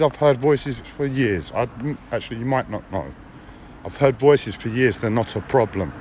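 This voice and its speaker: A man's voice: medium pitch, lively intonation, normal speed, a little mellow, slight background noise. A man streaming live, talking in a blunt, profane personal monologue with repeated phrases and a whiny edge.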